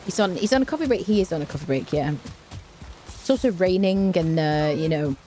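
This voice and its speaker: A woman's voice: on the low side, lively intonation, fairly quick, warm tone. A woman streaming a game, chatting casually with viewers and humming little tunes to herself as she plays. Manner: greets chat viewers by name. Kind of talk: casual gameplay commentary.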